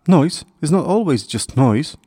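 A man's voice: mid-range voice, very animated, moderate pace, darkish tone, no echo, studio quality. A man voicing a proud, self-important little male sparrow who talks in a lofty, lecturing way in a children's story. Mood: philosophical. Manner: lofty, lecturing, a bit evasive. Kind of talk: storybook character voice.

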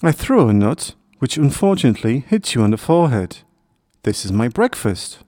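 A man voicing a cheerful, giggly young female squirrel who sounds bright and friendly. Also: medium pitch, very animated, moderate pace, no echo, studio quality, natural voice.

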